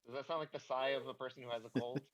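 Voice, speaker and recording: A man's voice: mid-range voice, steady tone, very fast, low-quality recording. A young man chatting as a player in a streamed game, thinking aloud and restarting his sentences often. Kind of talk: casual chat while streaming a game.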